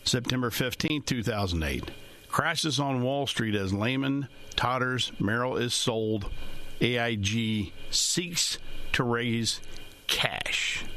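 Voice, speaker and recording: A man's voice: medium pitch, slow, pushed and bright, a little hiss or hum. A man in financial services giving a casual, rambling talk to his listeners, folksy in manner and chuckling often.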